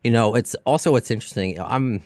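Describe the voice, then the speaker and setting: A man's voice: medium pitch, fairly quick, darkish tone, no echo, clean studio sound. A man in his forties with a New York accent, hosting a podcast interview in a friendly, rambling, self-deprecating way full of restarts. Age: 40s. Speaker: podcast host. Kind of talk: casual interview.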